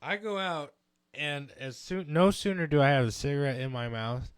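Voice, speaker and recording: A young man casually telling a long story on a podcast, animated and swearing, acting out quotes in other voices. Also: on the high side, moderate pace, clean tone, no echo.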